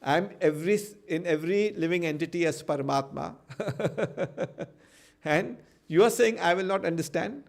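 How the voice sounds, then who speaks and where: A man's voice: high-pitched, unhurried, vocal fry, voice pushed up. A man voicing a proud, indignant male god in a devotional story, exclaiming with insistent questions.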